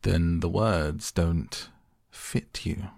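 A man reads a fussy old king who mutters and reasons aloud, pleased with himself. The voice sits very low and slow, with a gravelly, husky edge. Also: a little mellow, dry recording, studio quality, heavily acted. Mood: pompous musing.

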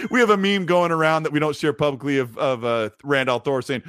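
A man hosting a relaxed gaming livestream, with a slightly raised, upbeat voice. He reads viewer messages and tells stories with a laugh. The sound is dry and close. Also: on the high side, moderate pace, no echo. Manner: laughing, animated storytelling. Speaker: podcast host reading viewer messages. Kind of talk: casual livestream chat.

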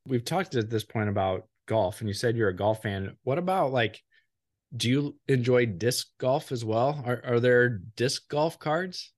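Interview host guy, easygoing questions, mid pitch. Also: lively intonation, unhurried. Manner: easygoing, asks follow-up questions.

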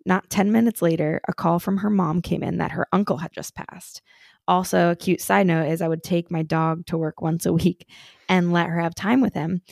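Gravelly low-voiced woman co-host. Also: flat delivery, moderate pace, darkish tone, no room sound, clean studio sound. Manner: laid-back, swears casually. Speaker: podcast co-host. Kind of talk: casual chat, reading listener stories.

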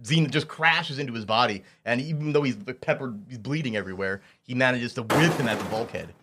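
A man's voice: mid-range voice, fast talker, fairly bright tone, husky. A man running a tabletop role-playing game as game master, narrating the action with frequent laughter and rambling restarts.

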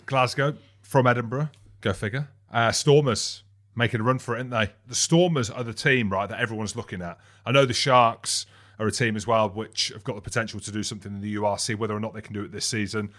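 A young adult man co-hosting a rugby podcast, talking in a rambling, animated way and laughing mid-sentence. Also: fairly low pitch. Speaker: podcast co-host and rugby commentator. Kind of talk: casual sports chat.

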